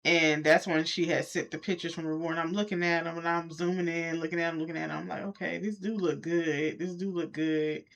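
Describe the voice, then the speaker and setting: Animated woman telling a story. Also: a little fast, few pauses. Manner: animated, talks straight to viewers, jumps high when quoting. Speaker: vlogger. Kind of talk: casual storytelling to camera.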